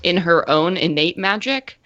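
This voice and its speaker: A woman's voice: fairly low pitch, animated, a little slow, a bit bright, muffled recording. A woman narrating a tabletop game as game master, telling the scene in a chatty, descriptive way with many fillers.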